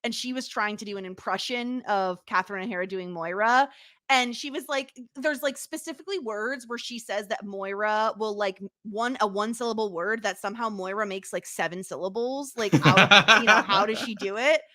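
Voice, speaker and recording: A woman's voice: medium pitch, normal speed, fairly bright tone, no room sound, studio quality. A woman co-hosting a podcast in casual chat, talking loosely with many fillers and easy laughter. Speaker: podcast co-host.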